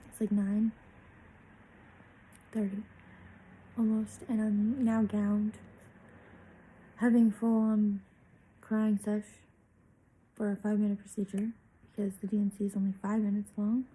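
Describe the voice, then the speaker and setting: A woman's voice: medium pitch, little pitch movement, a little slow, long pauses, dark tone, breathy edge, rough recording. A young woman vlogger telling a personal story in a candid, chatty way, swearing freely.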